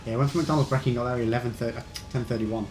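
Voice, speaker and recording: A man's voice: mid-range voice, steady tone, very fast, darkish tone, slight background noise. A young man with a Black Country accent, casually chatting with his live-stream audience while playing a video game. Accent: Black Country English. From England. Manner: chatty, rambling, answers chat between game deaths. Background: game music.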